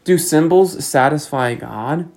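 A man preaching a sermon as pastor, measured and earnest, pressing rhetorical questions. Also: fairly high pitch, creaky, a little mellow, low-quality recording.

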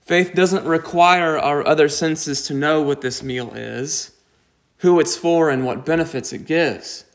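A man preaching a sermon, slow and deliberate, with emphatic rises on key points. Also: fairly high pitch. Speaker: pastor.

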